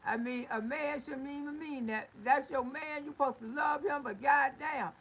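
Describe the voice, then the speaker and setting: A woman's voice: sits high, normal speed, a bit bright, low-quality recording. A middle-aged woman hosting a livestream, chatting with viewers in a folksy, scolding way and telling stories. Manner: folksy, scolding, storytelling with laughs and exclamations. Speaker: livestream host. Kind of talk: casual livestream talk to viewers.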